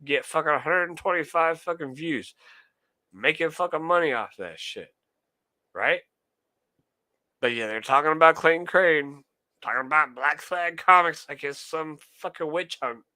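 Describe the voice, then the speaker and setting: A man's voice: a little high, moderate pace, sharp tone, no echo. A young man streaming live, ranting heatedly and swearing a lot while answering his chat. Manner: profane, heated, talks to chat. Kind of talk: casual ranting monologue.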